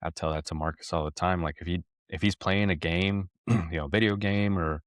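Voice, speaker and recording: A man's voice: low-pitched, steady tone, moderate pace, no echo, clean studio sound. A man co-hosting a podcast, chatting casually and telling easygoing family anecdotes. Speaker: podcast co-host. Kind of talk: casual chat.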